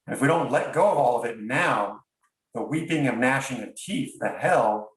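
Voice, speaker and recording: A man's voice: mid-range voice, lively intonation, moderate pace. A man, a podcast guest, tells a personal story in an earnest, reflective way, often stopping and restarting his sentences. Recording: roomy sound, distant from mic.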